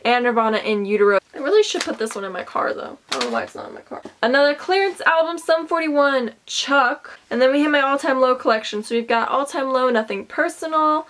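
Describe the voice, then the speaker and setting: A young woman chatting casually in a show-and-tell vlog, listing things with bursts of excitement. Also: high-pitched, fairly quick, hardly any pauses. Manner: chatty, enthusiastic, lists items with bursts of excitement. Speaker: vlogger.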